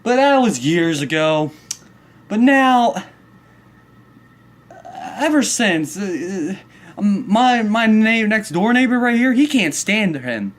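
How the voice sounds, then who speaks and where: A man's voice: high voice, big pitch swings, slow pace, pauses often. A man telling a story in a comedic angry rant, profane and worked up, rambling along with restarts. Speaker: vlogger.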